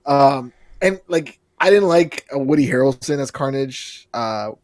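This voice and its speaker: A man co-hosting a podcast in casual chat, excitable and rambling, cursing freely as he talks. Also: mid-range voice, measured pace, no echo, clean studio sound. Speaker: podcast co-host.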